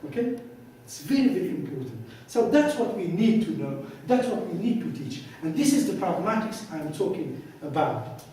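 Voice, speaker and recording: Male lecturer with a high, mellow voice who tells stories and plays out the dialogue, heard from a distance in a very reverberant hall with faint background hiss. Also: big pitch swings, normal speed. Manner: storytelling, acts out both sides of dialogues. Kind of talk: conference lecture with anecdotes. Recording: echoey hall, voice from far off.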